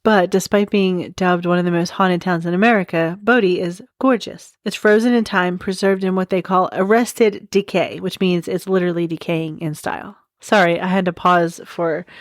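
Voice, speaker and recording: A woman's voice: fairly low pitch, steady tone, moderate pace, hardly any pauses, no room sound, clean studio sound. A woman in her forties hosting a podcast, telling stories in a chatty way, with wry asides and frequent giggles. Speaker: podcast host. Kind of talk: casual storytelling podcast.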